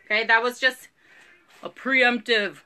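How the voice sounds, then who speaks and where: A woman's voice: a little high, fairly even intonation, unhurried, sharp tone, slight background noise. A woman, chatting bubbly and giggly through a live online clothing sale from home. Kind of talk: live sales stream chat.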